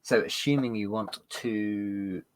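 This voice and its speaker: A man's voice: on the low side, takes it slowly. A man narrating as game master of a tabletop game, rambling with fillers and restarts.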